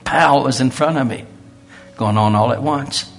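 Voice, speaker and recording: A man's voice: medium pitch, normal speed, gravelly, soft background music. A man, preaching a sermon in a folksy storytelling way. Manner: folksy storytelling with quoted voices.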